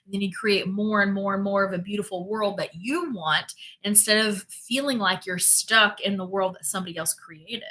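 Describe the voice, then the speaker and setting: A woman's voice: mid-range voice, steady tone, moderate pace, few pauses, pushed and bright. A woman hosting a spirituality livestream, chatting casually and reading out viewer comments, emphatic and prone to repeating herself.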